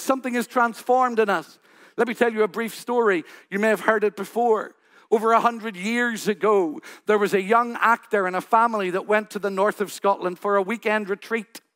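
High, bright-voiced man preaching. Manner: rhetorical, builds with repeated questions and lists. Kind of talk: sermon. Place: church.

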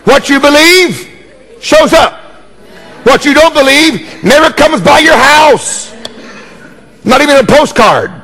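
A man's voice: very high-pitched, lively intonation, slow, pauses often, bright, forceful tone, long reverb tail. A man preaching a sermon as pastor, emphatic and jokey, repeating key words and calling for responses.

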